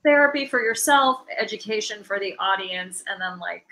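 A woman comedian chatting casually, who strings her thoughts together with lots of fillers. Her voice is bright and sits in a middling range. The tone is easy and conversational. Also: medium pitch, lively intonation, normal speed. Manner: filler-heavy, laughing asides. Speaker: comedian host. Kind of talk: casual podcast chat.

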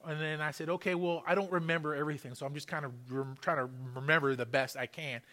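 A male pastor with a fairly high, steady voice preaches quickly in a pushed, bright tone. He recounts a testimony during his sermon in the church sanctuary, repeating his points forcefully.

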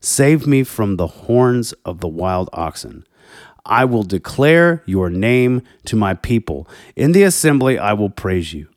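A man's voice: a little slow, no room sound, studio quality. A man hosting a personal faith talk, speaking with heated emphasis and reading scripture aloud. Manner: emphatic, heated, animated pitch swings. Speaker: podcast host.

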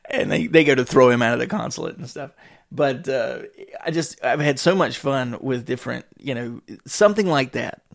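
An expressive, creaky mid-range male voice moves at a moderate pace. He's hosting a podcast solo, rambling casually from topic to topic while swearing often and chuckling.

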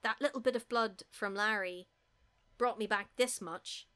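A woman's voice: medium pitch, a little slow, sharp tone. A woman voicing a man from a horror film, delivering his lines in an offhand, plain way. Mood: insistent.

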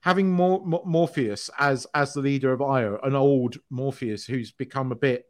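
A man with a mid-pitched voice co-hosts a casual podcast about films. He talks in a hesitant way, often restarting his sentences. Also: moderate pace. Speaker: podcast co-host. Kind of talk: casual film chat.

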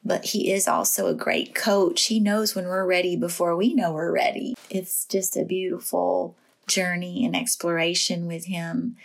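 A woman sharing a personal devotional message in a gentle, reflective way, with pauses and fillers. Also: on the low side. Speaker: Christian devotional speaker.

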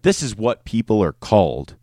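Deep-voiced man rambling on his podcast. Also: big pitch swings, normal speed, mellow, no echo, clean studio sound. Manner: rambling, profane, joking. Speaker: podcast host. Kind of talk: casual solo podcast.

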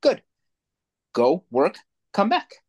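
A man's voice: high voice, huge pitch swings, takes it slowly, darkish tone, slightly rough, muffled recording. A man co-hosting a podcast in casual chat, blunt and profane, who teaches a kids' jujitsu class. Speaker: podcast co-host.

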